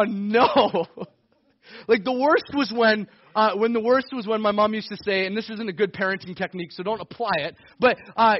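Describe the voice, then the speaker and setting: Male pastor, conversational sermon, breaks into shouts; very high voice, close and dry. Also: dry recording, lo-fi sound. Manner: energetic preaching with bursts of shouting; conversational, with laughs and self-corrections.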